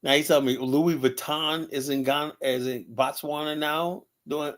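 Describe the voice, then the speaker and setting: A man's voice: on the high side, normal speed. Talkative New York man. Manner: animated, rambling, frequent "you know". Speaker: show host. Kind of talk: casual opinion chat.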